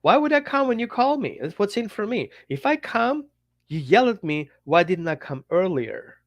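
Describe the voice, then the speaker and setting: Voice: mid-range voice, sing-song, normal speed, no echo. A dog trainer voicing a resentful pet dog that talks back to its owner with sarcastic questions. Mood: indignant. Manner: indignant, sarcastic rhetorical questions.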